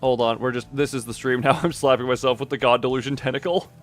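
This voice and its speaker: Fast-talking excitable male streamer. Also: mid-range voice, soft background music. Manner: rambling, excitable, reads game text aloud. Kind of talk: casual game stream commentary with chat dice rolls.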